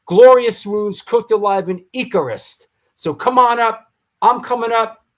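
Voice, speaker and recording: Brief: high-voiced male livestream host, loose hyped announcer, stumbles and restarts. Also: fairly even intonation, measured pace, fairly bright tone. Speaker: show host. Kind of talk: livestream talk show chat.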